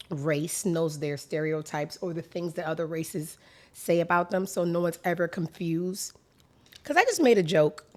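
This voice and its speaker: Woman host, young adult, slightly low voice, crude, sassy, comedic rant. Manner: crude, sassy, swings between muttering and loud outbursts. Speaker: show host. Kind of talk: casual comedic monologue.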